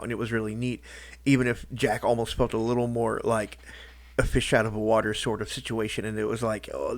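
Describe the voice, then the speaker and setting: Man, casual vlog talk, halting, repeats himself, dry close sound. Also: fairly low pitch, dry recording. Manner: halting, many restarts and fillers. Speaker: YouTuber. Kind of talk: rambling personal vlog talk.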